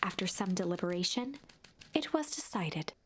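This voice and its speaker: A woman narrating a storybook game in a hushed, measured way that drops to a whisper at tense moments. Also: fairly low pitch, expressive, a little hiss or hum. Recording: game narration over loud music.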